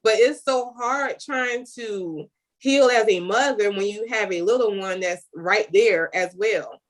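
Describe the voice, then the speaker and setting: A woman's voice: mid-range voice, measured pace. A woman, a single mother, telling her personal story openly and with feeling in a conversation. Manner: candid, emotional storytelling.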